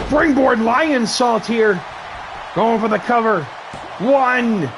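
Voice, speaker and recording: A man's voice: sits high, sing-song, slow pace, background noise. A man calling a wrestling match play-by-play, firing off moves in short bursts and thanking his stream's viewers between spots. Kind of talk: excitable play-by-play commentary.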